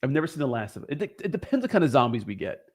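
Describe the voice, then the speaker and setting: A man's voice: mid-range voice, big pitch swings, rapid-fire, a little mellow, slightly rough. A young man hosting a crypto livestream, chatting casually with viewers in a rambling, profane, joking way.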